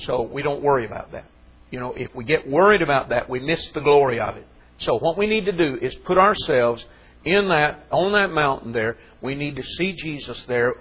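A man's voice: mid-range voice, breathy edge, dull audio. A man preaching a sermon in a conversational way that rises into fervent emphasis.

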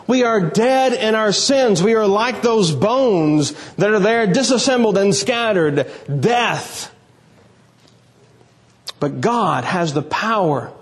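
A man preaching a sermon, reading scripture aloud and then speaking in an earnest, emphatic way with slow, weighty pauses. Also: high voice.

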